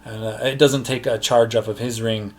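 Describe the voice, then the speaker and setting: Dude running a tabletop game online, relaxed, lots of ums and restarts, middle pitch. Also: male voice, moderate pace. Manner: relaxed, loose, many fillers and restarts. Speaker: game master. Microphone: online session mic.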